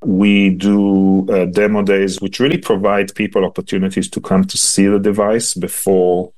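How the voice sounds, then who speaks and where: A man giving patient, measured interview answers about a device he designs, often pausing on ums and restarting phrases. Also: sits low, level tone, darkish tone.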